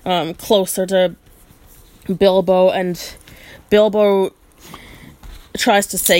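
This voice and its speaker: A woman reading a story aloud, stopping for thoughtful asides and filling pauses with frequent ums. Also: medium pitch, steady tone, darkish tone.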